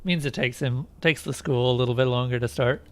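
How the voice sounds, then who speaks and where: A man's voice: mid-range voice, brisk. A man streaming a role-playing game, chatting casually with his viewers as he plays. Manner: chatty, talks to chat while playing. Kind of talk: casual gameplay commentary.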